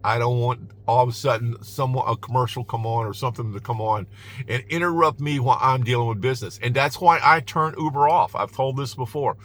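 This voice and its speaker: Emphatic man with a bright voice. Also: medium pitch, a little fast, a little hiss or hum. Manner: emphatic, repeats "all right?" often; chuckles between points. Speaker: rideshare driver giving advice. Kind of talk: casual vlog advice. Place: inside his car.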